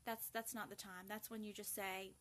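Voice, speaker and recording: A woman's voice: mid-range voice, flat delivery, moderate pace, a bit bright, a little hiss or hum. A woman, hosting a casual live video and talking earnestly to viewers, with many fillers and restarts. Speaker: host of a grief support live video.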